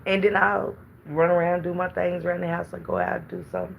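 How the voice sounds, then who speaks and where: A woman's voice: lowish voice, little pitch movement, a little fast, gravelly, a little hiss or hum. A middle-aged woman, chatting casually on a livestream and greeting her viewers by name.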